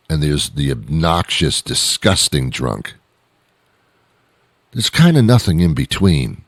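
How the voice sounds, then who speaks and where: A man's voice: deep voice, no room sound, clean studio sound. A man hosting a show, delivering a rambling, exasperated comedic monologue. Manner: rambling, exasperated ranting with restarts. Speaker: radio show host.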